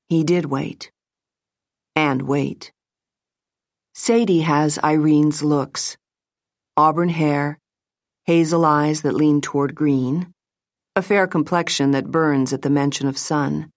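In a steady, even storytelling manner, a woman with a low-pitched voice reads an audiobook. The recording is dry and of studio quality.

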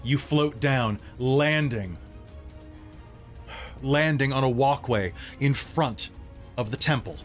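Man, game master, dramatic phrasing, mid pitch, faint music behind. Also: slow pace, pauses often. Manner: dramatic narration in short phrases. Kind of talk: narrating a live tabletop game.

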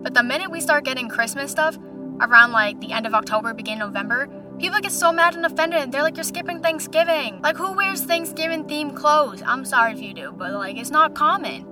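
A woman's voice: on the high side, fast talker, music in the background. A young woman hosting a podcast, telling stories in a chatty, casual way, full of "like" fillers. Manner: chatty, lots of "like" fillers, animated retelling. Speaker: podcast host. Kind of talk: casual storytelling monologue.

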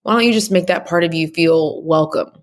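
A woman from Texas speaking as a podcast guest, an animated, expressive storyteller. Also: fairly low pitch, brisk. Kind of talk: casual interview chat.

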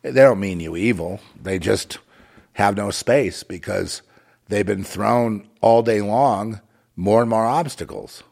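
A man's voice: on the low side, slow, creaky, a little mellow. A man delivering a rambling, moralizing monologue with a sardonic, digressive way of talking.

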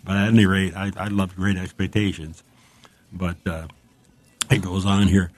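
A low-pitched man talks about books in a loose, chatty way. He wanders from thought to thought, full of enthusiasm, and sometimes stops to read a passage aloud. His tone stays conversational throughout. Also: level tone, moderate pace. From United States. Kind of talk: casual chat about books.

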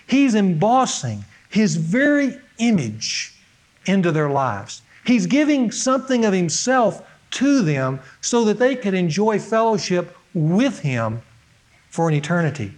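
High-voiced emphatic male preacher. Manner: earnest, emphatic, stresses key words. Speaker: pastor. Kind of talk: sermon teaching from an outline.

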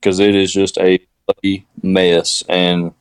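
Man, Southern US accent, lowish pitch, smooth clear tone, rambling casual podcast talk. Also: monotone, slow, dry recording. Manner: rambling, repeats phrases, laid-back. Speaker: podcast guest. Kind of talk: casual chat.

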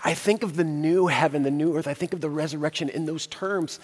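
A man preaching a sermon earnestly, building emphasis and slowing on key phrases. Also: fairly high pitch, a bit bright, big-room sound. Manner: earnest preaching with rising emphasis and slow pauses. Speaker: pastor.

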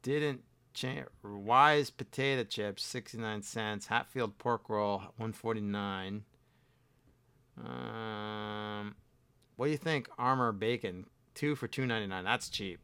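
Bright clear-voiced man reading old ads. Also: fairly low pitch, takes it slowly. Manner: reads old newspaper ads aloud, joking. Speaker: podcast co-host. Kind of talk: casual chat.

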